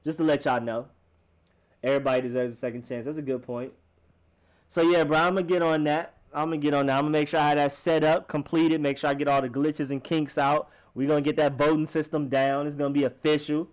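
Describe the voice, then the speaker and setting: A man's voice: fairly quick, clean tone. Rambling young man hosting a live stream. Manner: rambling, playful, lively swings in pitch. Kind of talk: casual live-stream chat.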